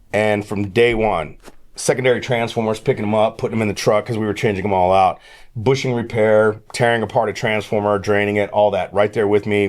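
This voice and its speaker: A middle-aged man, a podcast guest, telling long casual stories and acting out quoted conversations. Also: lowish voice. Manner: rambling, animated storyteller who acts out quoted dialogue. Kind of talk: casual storytelling.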